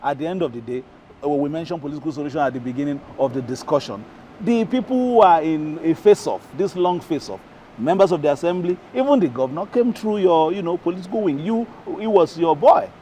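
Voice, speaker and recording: A male TV interviewer speaks in a polite, measured way. His voice is slightly high but dark and mellow in tone. Faint background noise sits under his voice. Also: expressive. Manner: polite, measured, steers toward solutions. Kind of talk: TV interview questioning.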